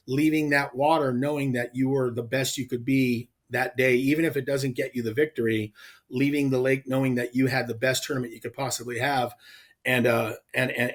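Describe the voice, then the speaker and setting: A man who is a professional angler, a guest on the show, telling a personal story in an earnest, heartfelt way and often restarting his sentences when he gets emotional. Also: mid-range voice.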